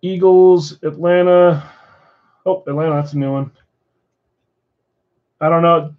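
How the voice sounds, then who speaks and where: A man's voice: on the high side, muffled recording. A man at a card shop running a live card break, steadily rattling off names and teams.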